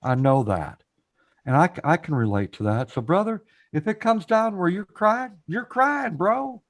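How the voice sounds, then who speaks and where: This host has a high-pitched, expressive voice and a normal speaking speed. He leads an informal live stream panel, cheering guests on to come talk, circling back to the same phrases and replying to chat directly.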